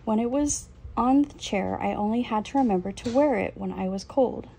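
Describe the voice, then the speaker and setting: Lady reading happy messy little rat boy, excited, mellow voice, light hiss behind. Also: on the high side, normal speed, vocal fry. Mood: cheerful. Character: messy cheerful young male rat.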